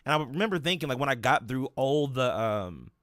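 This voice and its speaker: A man's voice: medium pitch, sing-song, brisk, a bit bright, no echo, studio quality. A young man hosting an interview, talking in a rambling casual way with many restarts and fillers. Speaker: podcast host interviewing a guest.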